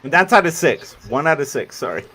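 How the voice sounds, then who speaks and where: Excitable man hosting a casual panel. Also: a little high, fairly quick. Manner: excitable, laughs often, swears casually. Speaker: podcast host running a pitch panel. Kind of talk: casual online panel chat.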